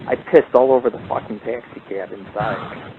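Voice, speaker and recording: A man's voice: lowish voice, normal speed. Profane rambling man on a tinny line. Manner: rambling, profane, animated storytelling. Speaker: paranormal radio show host. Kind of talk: casual storytelling chat. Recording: tinny phone-like line with faint hiss.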